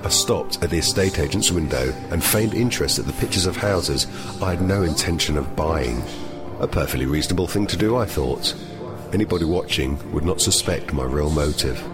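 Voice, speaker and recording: A man with a very deep voice narrates a comic story in a flat, deadpan way. Music plays clearly behind his steady, measured delivery. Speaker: host and narrator. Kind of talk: scripted deadpan comic monologue.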